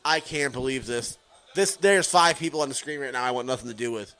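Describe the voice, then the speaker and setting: A man's voice: mid-range voice, a little fast, sharp tone. A man with a mid-range, ordinary voice co-hosts a podcast, watching along and heckling what is on screen. His delivery is sarcastic and crude, full of blunt put-downs. The talk stays loose and profane. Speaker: podcast co-host.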